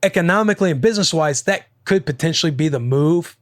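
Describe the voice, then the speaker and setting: A young man hosting a podcast, chatting casually, rambling and swearing freely with excitable energy. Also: a little high, quick pace, dry recording, clean studio sound. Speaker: podcast host. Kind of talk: casual chat.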